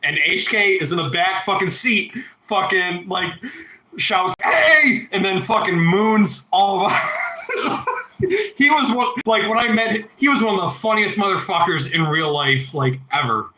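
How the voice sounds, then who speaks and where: A man in his thirties chats loosely with his livestream audience, swearing freely and drifting between stories. His voice is sharp and sits a little high, and the room around him is echoey. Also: moderate pace, hardly any pauses, a little hiss or hum. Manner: rambling, heavy swearing, reads chat aloud. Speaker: livestream host. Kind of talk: casual livestream chat.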